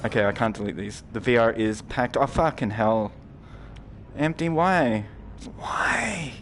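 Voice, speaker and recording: Excitable man streaming games. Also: on the low side, moderate pace, slight background noise. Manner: excitable, rambling, swears freely, jumps to loud outbursts. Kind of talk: live gameplay commentary talking to chat.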